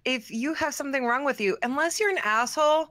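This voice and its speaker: A woman's voice: high-pitched, brisk, a bit bright, no echo. A woman guest on a casual podcast, speaking bluntly and matter-of-factly.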